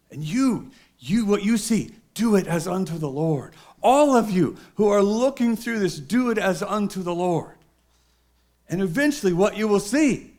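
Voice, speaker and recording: A man's voice: high voice, darkish tone. A man preaching a sermon with humor and emphatic repetition.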